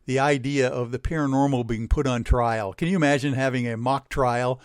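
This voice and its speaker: A man's voice: medium pitch, steady tone, fairly quick, clean tone, no echo, clean studio sound. A male radio host asking long, winding questions in a casual, chatty way.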